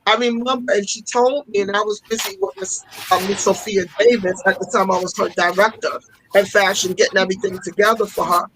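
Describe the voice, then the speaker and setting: Her mid-range voice is steady and fairly bright, moving a little fast, over slight background noise in a low-quality recording. She's a fashion-school owner giving a casual interview as a guest, telling impassioned stories full of emphatic repetition.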